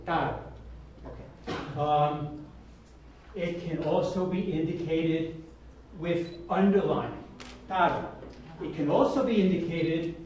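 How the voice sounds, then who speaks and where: A man with a fairly high voice leads a language class, calling out words for his students to repeat. He sounds lively and encouraging. The recording is very echoey, picked up from across the room with a faint hiss. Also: far from the mic. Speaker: language teacher.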